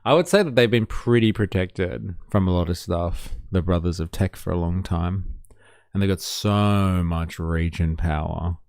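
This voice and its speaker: Male livestream commentator, very low gravelly voice, blunt and sarcastic, dry close mic. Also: fairly even intonation, unhurried, a little mellow, no room sound. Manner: blunt, sarcastic, swears freely. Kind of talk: casual livestream commentary reading chat.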